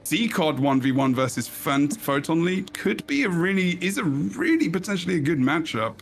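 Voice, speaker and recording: A man co-casting a live online game tournament in an easygoing way, laughing often and calling plays with excitement. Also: fairly high pitch, normal speed, creaky. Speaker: esports co-caster. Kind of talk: live esports commentary.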